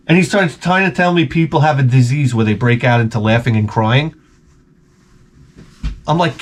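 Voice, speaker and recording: A middle-aged man in a rambling vlog, his voice at an ordinary middle pitch. He tells stories in a loose, profane way and keeps breaking into loud, mock-outraged exclamations. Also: normal speed, pauses often. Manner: excitable, profane, jokey, with sudden loud exclamations. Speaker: video game vlogger. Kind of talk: rambling casual storytelling.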